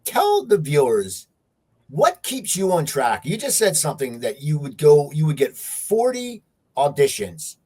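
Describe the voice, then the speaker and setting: A man hosting an interview show, asking eager, excitable questions in casual chat. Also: fairly high pitch, measured pace, breathy edge. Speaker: show host.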